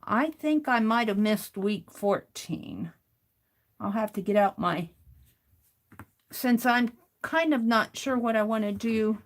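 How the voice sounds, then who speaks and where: A woman hosting a crafting livestream, talking slowly and muttering to herself as she works, then greeting her chat. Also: a little high, lively intonation. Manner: slow, muttering to herself while working, greets chat warmly. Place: home craft studio.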